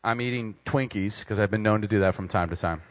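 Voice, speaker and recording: A man's voice: on the low side, quick pace, a little hiss or hum. A man preaching a sermon, telling a funny, self-deprecating story about himself and laughing along. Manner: animated, self-deprecating, laughs at his own jokes.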